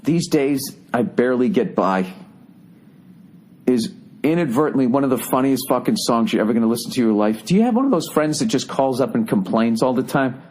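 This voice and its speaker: A man's voice: medium pitch, lively intonation, fast, darkish tone, husky. A middle-aged man with a Boston accent hosting a comedic podcast monologue, ranting profanely and incredulously. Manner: ranting, profane, incredulous, mock-singing quotes. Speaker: podcast host.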